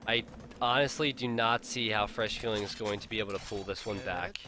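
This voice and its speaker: A man's voice: fairly low pitch, steady tone, brisk, crowd noise. A man giving live play-by-play commentary on a strategy game match, chatty and openly incredulous, laughing at the players' blunders. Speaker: game caster.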